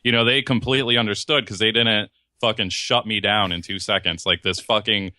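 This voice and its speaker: Bright-voiced man ranting on a podcast. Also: lowish voice, fairly even intonation, a little fast, dry recording, studio quality. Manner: profane, heated storytelling with mocking voices. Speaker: podcast co-host. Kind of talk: casual ranting chat.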